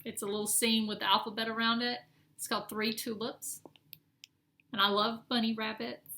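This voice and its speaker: Middle-aged woman, chatty show-and-tell vlogger, bright and fairly high voice, echoey room with faint hiss. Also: level tone, normal speed. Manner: chatty, rambling, self-correcting. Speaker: cross-stitch vlogger. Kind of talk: casual show-and-tell chat.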